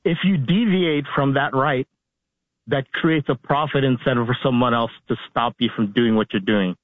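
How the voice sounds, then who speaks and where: A male caller lecturing in a halting way, with many restarts, on a call-in radio show. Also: medium pitch, no echo. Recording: tinny phone line.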